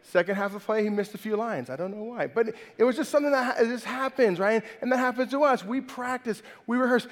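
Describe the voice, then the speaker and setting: A man's voice: extremely high pitch, fast, hardly any pauses. A man preaching a sermon in a casual, chatty way, tacking "right?" onto his points. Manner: chatty, keeps adding "right?". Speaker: pastor. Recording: long hall reverb.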